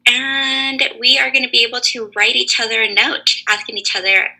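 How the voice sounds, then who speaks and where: Gravelly bright-voiced woman teaching kids. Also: a little high, level tone, low-quality recording. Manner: encouraging, slow and clear questioning. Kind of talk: online lesson for young children. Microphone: video call.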